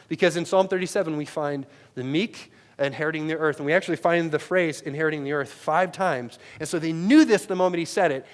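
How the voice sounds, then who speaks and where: Wearing a headset mic, a thirty-something male pastor with a somewhat high voice for a man preaches a sermon. He keeps it conversational, punctuating many lines with "right?", while his delivery moves between emphatic, loud peaks and low, quiet asides.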